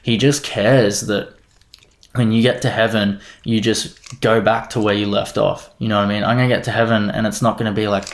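Young man, earnest testimony chat, low pitch, gravelly. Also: little pitch movement, a little fast. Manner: earnest, rambling, heavy use of "like" and "you know". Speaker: guest sharing faith testimony. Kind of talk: casual faith testimony chat.

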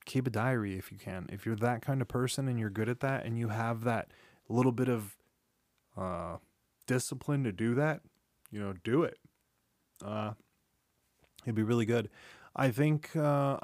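His voice is mid-range and a little mellow, captured cleanly on a studio microphone without echo. He's a podcast host in his thirties giving a candid solo monologue: rambling, confessional, frequently swearing, starting sentences over, and yawning as if tired.

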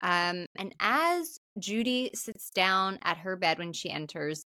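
A woman's voice: fairly low pitch, big pitch swings, slow pace, pushed and bright, dry recording. Woman podcast co-host, casual chatty recap voice, very dry close sound. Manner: chatty, many fillers, swearing. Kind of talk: casual movie recap chat.

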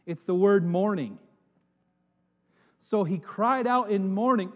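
A man preaching a sermon as pastor, swinging from hushed, drawn-out words to loud, dramatic calls. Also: high-pitched. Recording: long reverb in a hall.

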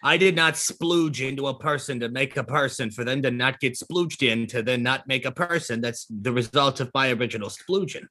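A man co-hosting a podcast, joking through a movie recap and acting out characters in quick voices. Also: medium pitch. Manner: animated, jokey, acts out characters in quick voices. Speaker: podcast co-host. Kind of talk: casual chat recapping a movie.

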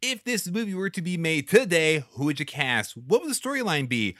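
Lively bright-voiced man chatting. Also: fairly high pitch, fairly quick, no room sound, studio quality. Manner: animated, laughs often, exclamations. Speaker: podcast co-host. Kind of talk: casual movie podcast chat.

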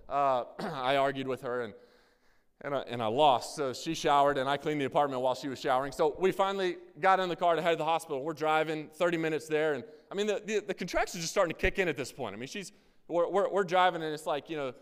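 A man's voice: a little high, fast talker, clean tone. A man in his thirties preaching a sermon, casual and self-deprecating as he tells a family story. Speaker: pastor. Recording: hall with long reverb.

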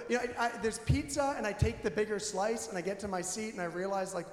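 A man preaching a candid, conversational sermon in a church, animated and self-deprecating. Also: high voice, a little fast, creaky. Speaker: pastor. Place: church sanctuary. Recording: echoey hall with long reverb.

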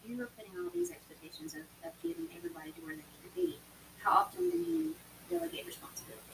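A woman co-hosting a podcast who chats casually and jumps in with quick, probing questions. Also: very high voice, level tone, gravelly, fairly bright tone, distant mic, slight background noise, low-quality recording. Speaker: podcast co-host. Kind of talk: casual chat.

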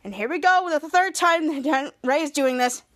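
A woman's voice: high-pitched, a little fast, fairly bright tone. A woman hosting a podcast, retelling a show episode in a casual, rambling way, often correcting herself mid-line. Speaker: podcast host.

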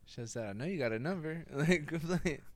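A man's voice: a little high, lively intonation, normal speed, a little hiss or hum. A young man in casual chat with friends, teasing and laughing often as he tells stories.

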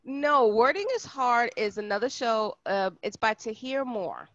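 A woman's voice: a little high, a bit bright, dry recording, muffled recording. Blunt woman, podcast co-host. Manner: blunt, teasing, quick to protest. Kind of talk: casual chat.

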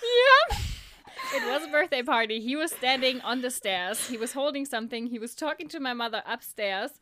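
A woman chatting as a podcast co-host, her voice bright and a touch high. She tells stories loosely, restarting and correcting herself as she goes. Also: sing-song, moderate pace, slight background noise. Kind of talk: casual chat.

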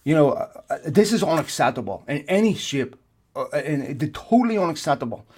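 Male podcast co-host, heated casual chat, animated rants and swearing, slightly higher-pitched voice. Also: brisk, slightly rough.

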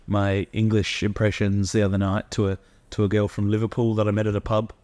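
An Australian man in casual podcast chat, rambling and halting with many fillers. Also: fairly low pitch, completely flat delivery, darkish tone. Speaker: podcast co-host.

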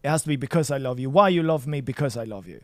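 A man's voice: medium pitch, lively intonation, very fast, dry recording, clean studio sound. A man from Sweden tutoring Chinese in a casual lesson, encouraging and playful, praising his student often. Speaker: language tutor.

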